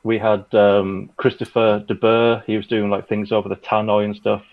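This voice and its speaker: Gravelly man chatting casually. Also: on the low side, little pitch movement, moderate pace, highs cut off. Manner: rambling, chatty, filler-heavy. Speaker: audio drama creator. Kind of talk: casual chat.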